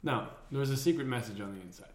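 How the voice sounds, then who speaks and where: A man's voice: medium pitch, quick pace, darkish tone. A man co-hosting a casual comedy podcast, silly and giggly, joking loosely. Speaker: podcast co-host. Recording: roomy echo.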